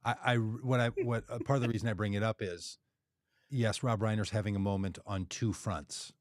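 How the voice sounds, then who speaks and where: A man's voice: on the low side, fairly even intonation, fairly quick, no echo, studio quality. Chatty, self-mocking male podcast host. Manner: chatty, rambling, laughs at himself. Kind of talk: casual political podcast chat.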